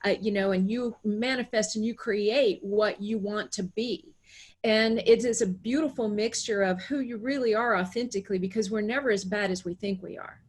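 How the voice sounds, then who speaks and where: A woman's voice: mid-range voice, moderate pace, slightly rough. A woman co-hosting an interview, speaking in an enthusiastic, affirming way. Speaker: co-host. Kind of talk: encouraging interview chat.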